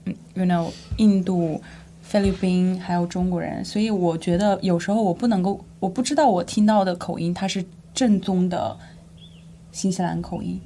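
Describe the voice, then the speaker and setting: A woman's voice: lowish voice, steady tone, moderate pace, a little hiss or hum. A woman whose first language is Chinese, co-hosting a casual chat and asking curious questions. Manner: soft backchannels, curious questions. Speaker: co-host.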